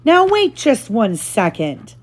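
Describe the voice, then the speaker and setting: A woman reading a storybook aloud, voicing a huge, hot-tempered but bighearted man who booms and exclaims, in a raised voice. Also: very animated, measured pace, mellow. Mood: indignant. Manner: booming and exclaiming.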